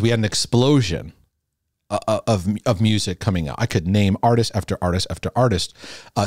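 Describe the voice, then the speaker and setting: In a lowish, slightly mellow voice, a middle-aged former youth pastor turned host reflects casually to the camera before him. The studio-quality audio has no room sound, and he often repeats himself, starts phrases over, and chuckles.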